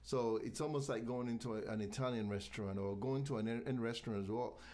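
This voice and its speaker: A man from Nigeria, a guest in a casual interview, talking in a halting way with frequent restarts. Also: medium pitch, fairly even intonation, mellow. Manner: halting, many restarts, promotional. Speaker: guest, venue owner.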